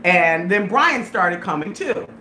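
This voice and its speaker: A woman's voice: lowish voice, slow pace, roomy sound, slight background noise. A woman hosting a casual chat, telling a story with lots of laughter and acted-out voices. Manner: animated storyteller, laughs often, acts out voices. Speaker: host.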